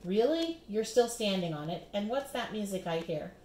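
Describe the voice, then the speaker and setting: A woman's voice: medium pitch, big pitch swings, a little mellow, close to an everyday voice. A woman voicing a protective mother who speaks up firmly for her son, recorded in a roomy space. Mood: indignant. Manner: quick, indignant defense of her son.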